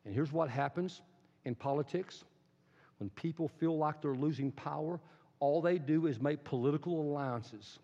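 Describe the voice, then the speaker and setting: A man's voice: fairly high pitch, moderate pace, mellow. A man preaching an impassioned, emphatic sermon as pastor in a church. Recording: echoey hall, dull sound.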